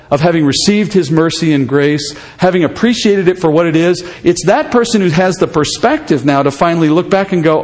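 A man with a fairly high voice preaches a verse-by-verse sermon in an easy, conversational way, often turning questions back to the people listening. His words ring out with a long reverb from a large hall. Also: a little mellow. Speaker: pastor. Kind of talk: expository sermon.

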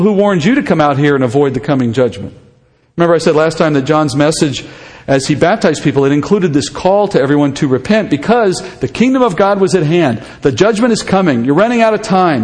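A man's voice: fairly high pitch, a little mellow, big-room sound. A man preaching an expository sermon, speaking conversationally and putting questions to his listeners. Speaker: pastor.

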